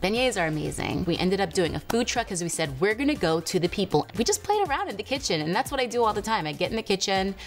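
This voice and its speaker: A woman's voice: medium pitch, very animated, fast talker, hardly any pauses, faint music behind. A woman hosting her own show, chatting casually to the camera in a bubbly way and laughing often. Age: adult with a teen daughter and a baby. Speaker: host.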